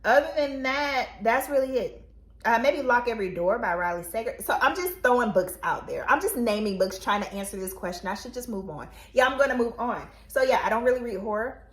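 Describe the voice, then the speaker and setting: A woman co-hosting a book channel, chatting casually and telling rambling, animated stories. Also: a little high, brisk, reverberant.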